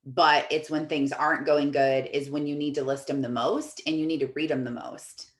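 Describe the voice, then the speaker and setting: A woman's voice: deep voice, steady tone, moderate pace, roomy sound. A woman life coach hosting a group video call, chatting casually and reading out comments from the chat in an upbeat, encouraging way.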